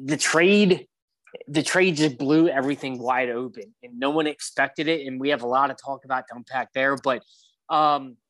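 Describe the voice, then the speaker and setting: A man co-hosting a casual sports chat, talking in animated bursts with plenty of fillers. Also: fairly high pitch. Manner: animated, quick bursts of excitement, many fillers. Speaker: podcast co-host.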